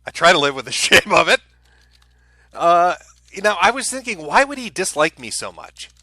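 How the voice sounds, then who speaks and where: A man's voice: high-pitched, big pitch swings, normal speed, bright, forceful tone, dry recording. A man hosting a live stream, giving casual commentary in a sarcastic, profane, ranting way. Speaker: streamer host.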